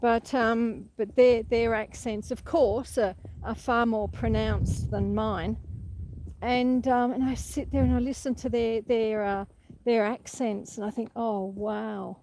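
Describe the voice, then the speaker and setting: A high-pitched Australian woman talks casually to her live viewers as she walks a rural paddock. She rambles, laughs easily and stops to answer the chat. The outdoor recording has steady, clearly audible noise behind her voice. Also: a little slow. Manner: chatty and rambling, laughs often, reads out and answers chat comments. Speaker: homestead vlogger hosting a live stream. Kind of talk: casual live-stream chat while walking. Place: outdoors on a rural property, walking through a paddock.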